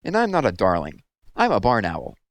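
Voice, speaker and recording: A man's voice: lowish voice, wildly swooping pitch, moderate pace, no echo. A man doing a sweet young lady. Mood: gentle. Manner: gentle and kind. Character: sweet gentle young woman artist.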